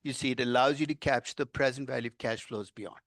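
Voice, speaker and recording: An older male finance professor giving a university lecture, animated and quizzing his class, stressing key words as he explains. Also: mid-range voice, quick pace, dry recording, studio quality. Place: lecture room.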